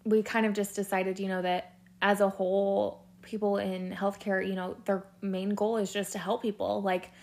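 A young adult woman talks through her week on her own podcast, rambling and candid. She fills her sentences with "like" and "you know", swears now and then, and sounds at an ordinary middle pitch for a woman. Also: normal speed, creaky. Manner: rambling, filler-heavy, candid and expressive, swears casually. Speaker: podcast host, labor and delivery nurse. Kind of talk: casual solo podcast chat.

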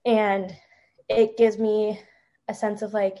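A woman's voice: medium pitch, little pitch movement, a little mellow. Tearful young woman telling her story. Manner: tearful, halting, many fillers. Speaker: guest. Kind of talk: emotional personal story.

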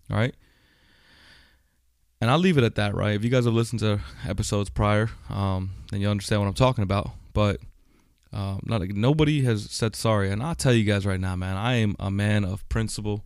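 A man's voice: lowish voice, fairly quick, clear, resonant tone, dry recording, clean studio sound. A man hosting a personal podcast monologue, talking bluntly with heavy swearing, many fillers and a recurring "right?". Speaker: podcast host. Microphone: studio microphone.

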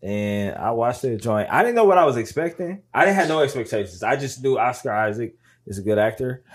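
A man's voice: mid-range voice, lively intonation, fairly quick, breathy edge. A man co-hosting a podcast, talking in a laid-back, slangy way and steering the talk. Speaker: podcast co-host. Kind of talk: casual chat.

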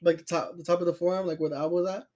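A man's voice: sits high, level tone, rapid-fire, darkish tone. A young man co-hosting a podcast, telling stories in a loose, profane way, full of fillers and laughter. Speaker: podcast co-host. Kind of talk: casual chat.

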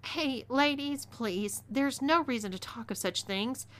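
A woman's voice: high voice, a little slow, a bit bright, voice pushed up. A woman with a Texas accent voicing a desperate, captive young cowboy who pleads with his captors. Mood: pleading. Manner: pleading, flustered.

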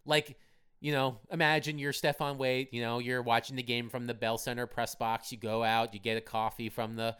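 A man's voice: mid-range voice, flat delivery, normal speed, a bit bright, clear, resonant tone. A man co-hosting a casual sports podcast, talking loosely and hesitantly with many fillers. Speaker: podcast co-host, hockey writer.

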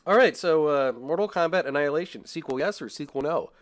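A man's voice: fairly high pitch, animated, fast. A young man co-hosting a casual podcast, talking in a rambling, self-deprecating way with frequent laughs. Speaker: podcast co-host. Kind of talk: casual film review chat.

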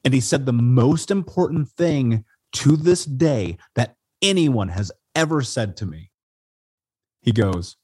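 Husky-voiced man telling his story. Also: medium pitch, slow pace, no room sound. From Indiana, USA. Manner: animated, profane, says "dude" and "man". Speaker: interview guest. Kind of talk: casual storytelling.

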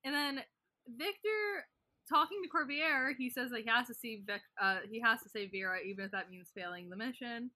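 A woman with a bright, fairly high voice runs through a TV plot recap at a brisk clip. The sound is close and dry. She slips into laughs between beats. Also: no room sound. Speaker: podcast host recapping episodes. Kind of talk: casual recap and chat.

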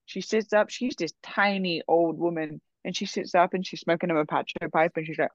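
A woman casually telling a long personal story, full of fillers like "like" and "um", animated in her delivery. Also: fairly low pitch, fairly quick, no room sound, dull audio.

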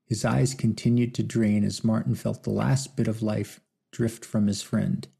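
A man narrating an audiobook in a measured, solemn storytelling manner. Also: lowish voice, little pitch movement, gravelly, mellow, husky.

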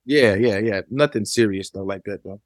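A man's voice: on the low side, normal speed, no echo, clean studio sound. A middle-aged man from Memphis, a guest telling stories in a laid-back, casual way in an interview. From Memphis, Tennessee, USA. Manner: laid-back storytelling, frequent "you know what I'm saying". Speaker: rapper and producer, interview guest.

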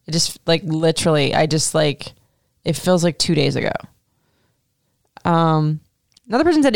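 A woman's voice: deep voice, animated, moderate pace, vocal fry, pauses often, no room sound, clean studio sound. A woman in her thirties hosting a podcast, chatting casually through listener questions with lots of fillers and casual swearing. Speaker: podcast host.

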